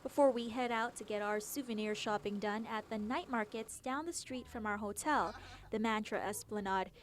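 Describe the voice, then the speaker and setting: A woman TV travel reporter narrating a travel feature and interviewing locals in a bright, upbeat, curious way. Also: on the high side, normal speed, a little hiss or hum. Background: music.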